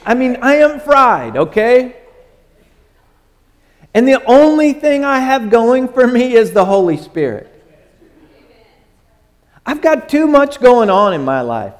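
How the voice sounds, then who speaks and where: An older man preaches as a pastor, slowly and with frequent pauses, using a repetitive cadence that fades low and soft at phrase endings. He becomes lively and self-deprecating whenever he jokes with the congregation.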